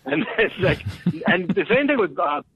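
A man telling a rambling, excitable story as a comedian guest on a casual podcast, often laughing. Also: high-pitched, moderate pace, gravelly, husky, no room sound. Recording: tinny phone line.

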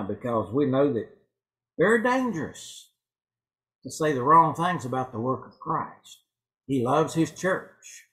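A man's voice: a little high, a bit bright, low-quality recording. A male pastor giving an evening sermon in a church, folksy and fond of telling jokes. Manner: folksy joke-telling preacher. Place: church sanctuary.

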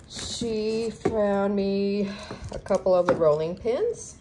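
Here a woman with a mid-range voice takes her time as she opens a haul of craft supplies at home. She's a craft vlogger, gushing casually and padding pauses with lots of ums, and the recording picks up a fair amount of household noise.

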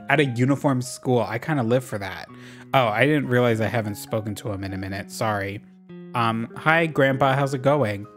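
Sassy young guy chatting over a cozy game, swears a lot, mid-pitched voice, soft music behind. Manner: sassy, profane, reads villager lines aloud. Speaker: gaming vlogger. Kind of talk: casual gameplay commentary.

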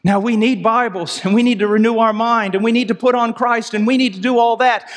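Man, middle-aged, preacher, impassioned sermon, high voice, long hall echo. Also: a little fast. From United States. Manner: impassioned, swings from loud pleading to low intensity. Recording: long reverb of a large hall.

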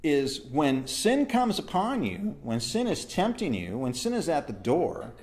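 A man's voice: fairly high pitch, very animated, unhurried, a little mellow. A man leading a church Bible study. He reads verses aloud, explains them and asks his listeners questions.

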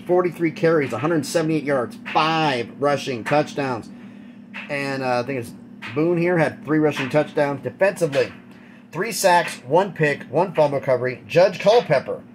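Male sports commentator, slightly high voice, blunt opinionated stat recap, noisy background hiss. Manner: blunt and opinionated, rattles off stats. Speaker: college football commentator.

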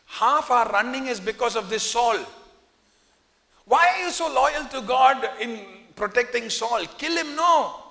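A man's voice: very high voice, lively intonation, unhurried, gravelly, pushed and bright, voice pushed up, exaggerated voice. A man voicing David's impatient soldiers, raising his voice to urge and plead. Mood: urgent, pleading. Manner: pleading, raised and urgent. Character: David's impatient soldiers urging him to kill. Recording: reverberant church hall.

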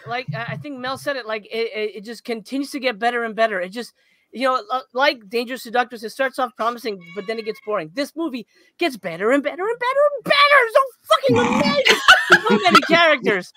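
A man co-hosting a podcast, telling a story in a casual chat, getting excited, laughing and swearing. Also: extremely high pitch, quick pace, no echo. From Los Angeles area. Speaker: podcast co-host.

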